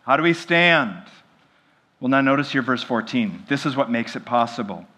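A man preaching a sermon as pastor, animated and often asking the congregation questions. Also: mid-range voice, moderate pace. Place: church.

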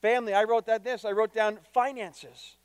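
A man's voice: sits high, fairly even intonation, normal speed, smooth, no echo, in a large hall. A man preaching a sermon to his congregation, emphatic, repeating key phrases and putting direct questions to his listeners. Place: church.

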